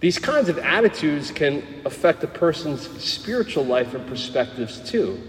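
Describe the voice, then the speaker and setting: A middle-aged man with a New Jersey accent delivers a homily from the pulpit, frank and lively, slipping humor into his stories. His voice sits in a mid register and carries into a large, echoey church with a long reverb tail. Faint ambient noise sits underneath. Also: mid-range voice. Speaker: Catholic priest.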